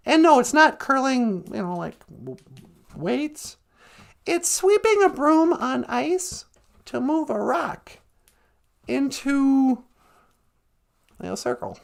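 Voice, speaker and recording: A woman's voice: sits high, sing-song, measured pace, creaky. A woman from Minnesota doing a sarcastic, grumbling comedic monologue on a live stream from outdoors, laughing often.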